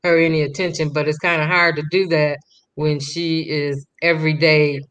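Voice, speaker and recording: A woman co-hosting a casual chat, talking slowly and drawling her words. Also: low voice, level tone, a bit bright. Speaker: co-host.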